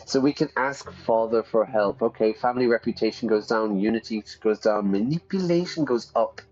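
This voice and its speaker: A man's voice: lowish voice, moderate pace, darkish tone. A man who teaches English while playing a game aloud, chatty and often checking in with his listeners. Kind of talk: reading a game aloud with vocabulary comments. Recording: dull sound with faint music.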